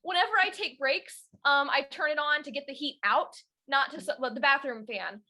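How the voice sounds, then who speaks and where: Giggly young woman with a high bright voice. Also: normal speed. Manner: giggly, chatty, many fillers. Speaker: audiobook narrator, guest. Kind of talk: casual interview chat.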